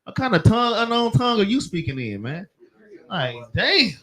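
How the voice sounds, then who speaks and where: A man with a Southern US accent leads a religious class in an easy, slangy way, drifting into work stories. His voice sits high for a man. He laughs along as he talks. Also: very animated, normal speed, fairly bright tone. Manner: loose storytelling with slang and laughs. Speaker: class leader. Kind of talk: casual teaching chat.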